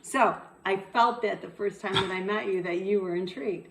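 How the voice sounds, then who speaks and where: A woman's voice: mid-range voice, moderate pace, echoey room, low-quality recording. A woman co-hosting a casual talk show, teasing her partner in a rambling, repetitive way. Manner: teasing, rambling, repeats words. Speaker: co-host. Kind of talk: casual couple banter.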